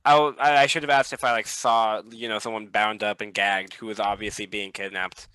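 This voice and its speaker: Casting: male player, bright crisp voice, rambling self-mocking banter. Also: lowish voice, level tone, fairly quick, low-quality recording. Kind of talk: casual game chat.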